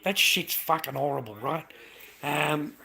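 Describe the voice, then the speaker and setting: A man's voice: fairly high pitch, a little slow, creaky, bright, forceful tone. An Australian man and father ranting to camera in a heated, swearing monologue, calling the listener mate. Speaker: vlogger, father.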